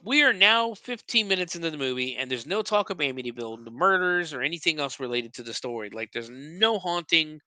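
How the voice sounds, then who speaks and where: A man's voice: on the high side, bright, forceful tone, no room sound. A man hosting a podcast, recapping a movie scene by scene in a casual, profane, sarcastic way, often stumbling over his words.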